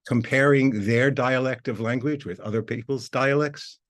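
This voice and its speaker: A male university lecturer delivering a recorded academic talk. He explains each point in a calm, measured, steady way at a middling pitch.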